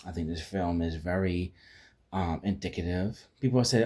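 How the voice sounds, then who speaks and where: Low husky-voiced man reviewing a film. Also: normal speed, a little mellow. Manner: rambling, with many restarts and fillers; retells scenes by acting out quoted lines. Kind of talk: casual spoken movie review.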